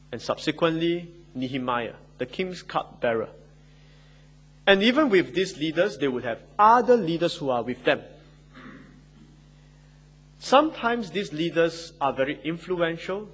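A man delivering a sermon with a somewhat husky, slightly high voice. He leans hard on key words for emphasis and drops into easy conversational asides. Expressive and earnest throughout. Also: rough recording. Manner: emphatic, rising and falling between quotes and asides. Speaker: preacher.

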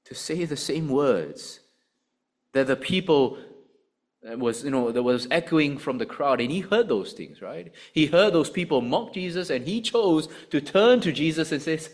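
A man preaching a sermon, addressing his listeners directly with an animated delivery. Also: a little slow. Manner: animated preaching, rising and dropping in pitch and volume.

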